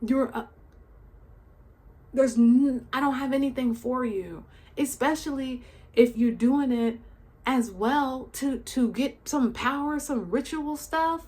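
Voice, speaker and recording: A woman's voice: sits high, takes it slowly, mellow. Outraged woman ranting with rhetorical questions. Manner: outraged, exclaiming rhetorical questions, casual slang. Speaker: commentary channel host. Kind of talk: emotional commentary monologue.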